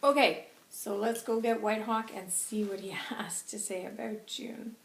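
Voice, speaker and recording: A woman's voice: medium pitch, steady tone, a little slow, creaky. A woman channeller chatting through a monthly reading, rambling and laughing as she goes. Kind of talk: casual spoken reading. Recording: roomy with faint hiss.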